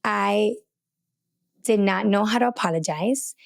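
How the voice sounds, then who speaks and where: A woman's voice: mid-range voice, unhurried, creaky. A middle-aged woman hosting a faith and relationships podcast, telling a personal story in a candid, chatty way and acting out her own thoughts. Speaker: podcast host.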